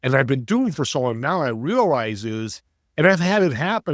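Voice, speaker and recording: A man's voice: medium pitch, big pitch swings, moderate pace, no echo, studio quality. Earnest man telling a motivational story. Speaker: entrepreneur and networking coach, guest. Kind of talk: interview storytelling.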